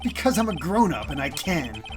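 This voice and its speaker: A woman's voice: low-pitched, big pitch swings, normal speed, music in the background. A woman voicing a cold, mocking male celebrity villain while reading game dialogue aloud. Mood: menacing.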